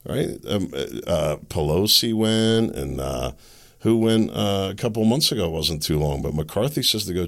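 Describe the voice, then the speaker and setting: Man, very low voice, gravelly, podcast host, worked-up sarcastic monologue, halting restarts. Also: a bit bright. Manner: agitated, ranting with sarcastic laughs; rhetorical questions, halting restarts.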